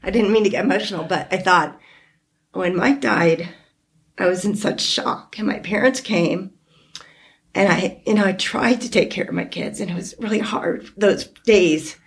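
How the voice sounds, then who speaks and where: A woman hosting a podcast, talking with a close friend in an emotional, heartfelt way, teary and halting at times. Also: lowish voice, vocal fry. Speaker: podcast host. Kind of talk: emotional casual chat.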